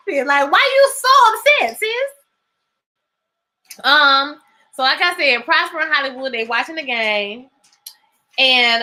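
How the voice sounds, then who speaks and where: Bright animated woman recapping a show. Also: medium pitch. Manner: animated storytelling, acting out characters' lines; laughs often, slangy and loud. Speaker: TV recap host. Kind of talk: live recap chat.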